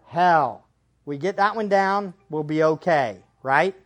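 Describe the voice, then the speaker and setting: A man preaching a sermon as pastor, swinging between hushed asides and loud emphatic lines. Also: on the high side, slow pace.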